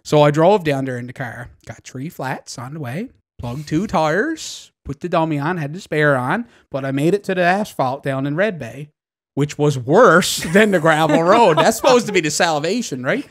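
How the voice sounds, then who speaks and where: A man's voice: fairly high pitch, normal speed. A man in his twenties from Labrador with a Newfoundland and Labrador accent, co-hosting a podcast and telling a story with laughs and plenty of swearing. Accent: Newfoundland and Labrador English. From Labrador, Canada. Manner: animated, laughing, swearing yarn-teller. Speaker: podcast co-host. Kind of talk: casual storytelling chat.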